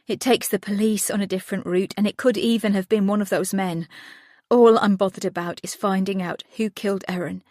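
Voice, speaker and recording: A woman's voice: mid-range voice, steady tone, brisk, darkish tone, no echo, studio quality, lightly acted. A woman reading a blunt, shaken father.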